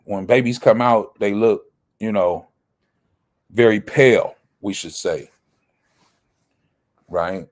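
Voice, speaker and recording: A man's voice: lowish voice, slow, pauses often. A man teaching a Bible study. He reads verses aloud, then explains them, and often asks a question and answers it himself.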